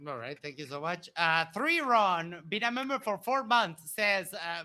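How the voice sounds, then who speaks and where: A male debate moderator with a high, very bright and sharp voice. He reads viewer donations in an upbeat way and laughs easily. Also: big pitch swings, a little slow, hardly any pauses. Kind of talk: live-stream moderation.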